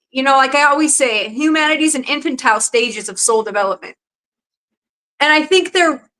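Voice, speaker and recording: High, bright-voiced woman ranting. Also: poor audio. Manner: blunt, exasperated, swears freely. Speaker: podcast host. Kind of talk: casual chat.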